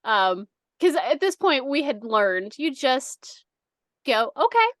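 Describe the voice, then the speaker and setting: A woman's voice: sits high, lively intonation, slow pace, fairly bright tone, no room sound, clean studio sound. A woman co-hosting a podcast, telling a long story in a casual, rambling way, laughing often and using many fillers. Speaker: podcast co-host.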